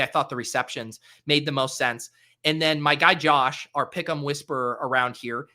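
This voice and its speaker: A man hosting a casual solo recap, chatty and upbeat, with frequent "uh" fillers and quick self-corrections. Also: medium pitch, bright, forceful tone. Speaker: fantasy sports host.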